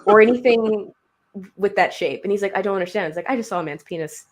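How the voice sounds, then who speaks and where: A young adult woman telling a funny story in casual chat, lively and laughing, acting out the other people in her story. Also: mid-range voice, fast. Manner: animated, laughing, acts out quoted voices.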